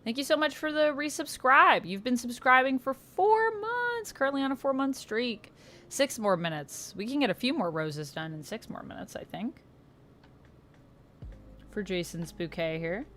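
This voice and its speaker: A woman's voice: fairly high pitch, big pitch swings, normal speed, a bit bright, a little hiss or hum. A woman chatting casually on a livestream while she colors, reading out and thanking viewers. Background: faint background music.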